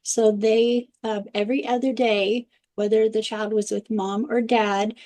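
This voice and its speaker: Mellow-voiced woman guest spinning a parenting story, easygoing interview talk. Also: on the high side, a little slow. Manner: animated anecdotal storytelling.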